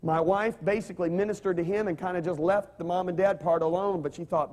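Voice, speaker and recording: A man's voice: high-pitched, steady tone, fast talker, darkish tone. A man preaching a sermon, telling stories animatedly and having the congregation repeat his words. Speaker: pastor.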